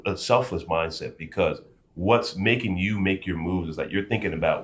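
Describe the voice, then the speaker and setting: Low-voiced emphatic motivational host. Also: male voice, normal speed. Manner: emphatic, builds up energy when acting out scenarios. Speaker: podcast host. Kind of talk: motivational interview chat.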